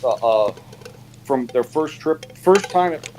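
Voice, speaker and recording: Animated man telling stories. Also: takes it slowly, background noise. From United States. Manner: animated storyteller, many fillers, pitch jumps when quoting. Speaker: panelist. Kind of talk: casual live panel chat.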